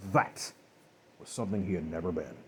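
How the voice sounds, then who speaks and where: A man narrating a dark story in a loose, rambling way, with restarts and asides. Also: sits low, fairly quick, slight background noise.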